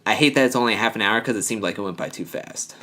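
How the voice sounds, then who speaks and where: A man's voice: fairly low pitch, very fast, bright, forceful tone. A man co-hosting a podcast, casually recapping a reality show in a rambling way, full of fillers and acted-out quotes. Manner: rambling, filler-heavy, acts out quoted lines. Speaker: podcast co-host.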